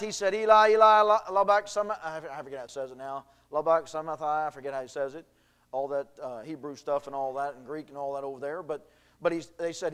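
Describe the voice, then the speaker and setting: High, clear-voiced preacher man. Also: a bit bright. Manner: folksy preaching, reads scripture aloud with rising intensity. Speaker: pastor. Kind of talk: sermon. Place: church.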